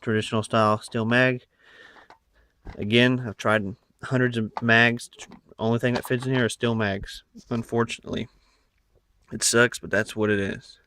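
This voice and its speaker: Breathless and rambling, a man casually displays his rifle add-ons in a phone recording, stuffing his talk with fillers and asides. His mid-range voice is steady, pushed and bright, at normal speed, with a little hiss or hum.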